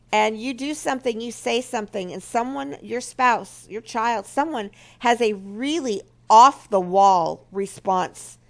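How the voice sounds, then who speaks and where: A woman's voice: fairly high pitch, gravelly. A woman speaking for a marriage ministry, earnestly telling a personal story and teaching from it. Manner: earnest, storytelling, acts out remembered quotes. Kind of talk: personal testimony and teaching talk.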